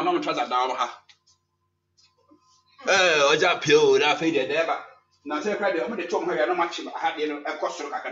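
A Ghanaian-accented church elder preaches a sermon in a slightly high voice, telling a story full of lively sound effects and mixing in English phrases. The recording sounds echoey, distant and dull, with a faint hum.

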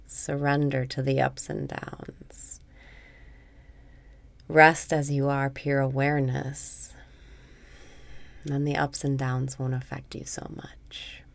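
A woman with a very deep voice guides a meditation at a slow, unhurried pace. Her tone is soothing, and a gravelly, creaky texture runs through her words. Now and then she sinks into a soft whisper. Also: little pitch movement.

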